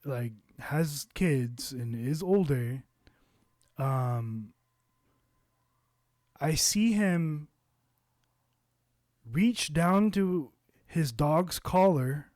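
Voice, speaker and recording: Slow, rambling man telling stories. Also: on the high side, darkish tone, no echo, clean studio sound. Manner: rambling, loose with curses and fillers. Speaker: vlogger. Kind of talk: casual storytelling to camera.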